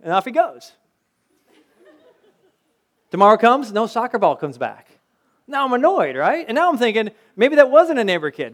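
A man's voice: high voice, huge pitch swings, moderate pace, pauses often. A middle-aged man preaching a sermon in a conversational way, mixing scripture with personal anecdotes and rhetorical questions. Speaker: pastor.

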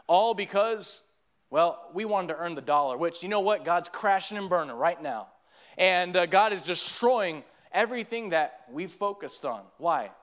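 A man's voice: high-pitched, animated, moderate pace, a bit bright. A man, preaching a sermon earnestly and often restarting his sentences. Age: 30s.

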